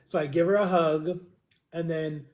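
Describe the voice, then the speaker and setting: A man's voice: a little high, steady tone, unhurried, darkish tone. A young man in his twenties casually telling a personal story to his viewers in a chatty, rambling way, full of "like" and "right?". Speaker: vlogger.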